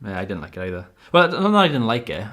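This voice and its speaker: A man with a fairly low voice hosts a relaxed home podcast. He rambles, uses many fillers and restarts his points, and laughs often. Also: fast talker. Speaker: podcast host. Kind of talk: casual chat. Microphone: audio-only podcast mic.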